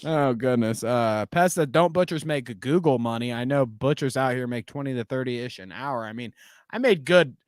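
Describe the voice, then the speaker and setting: A man chatting casually as a podcast co-host, telling animated stories with plenty of swearing and laughter. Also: medium pitch, moderate pace, dry recording, clean studio sound.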